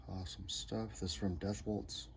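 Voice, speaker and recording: A man's voice: low-pitched, flat delivery, moderate pace, vocal fry. A man casually showing off his record collection in short, laid-back, repetitive comments. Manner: laid-back, repetitive, enthusiastic one-liners. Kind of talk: casual show-and-tell. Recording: noticeable background noise.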